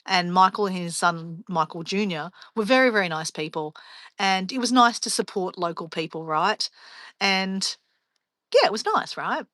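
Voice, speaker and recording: A woman's voice: on the low side, moderate pace, a bit bright, dry recording. A woman hosting a casual live stream as a travel vlogger, telling rambling stories and laughing often.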